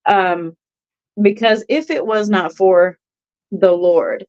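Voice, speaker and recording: A woman who is an author speaks on a live video call, giving a halting, faith-filled testimony while holding back tears. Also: mid-range voice, a little mellow, muffled recording. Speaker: contributing author.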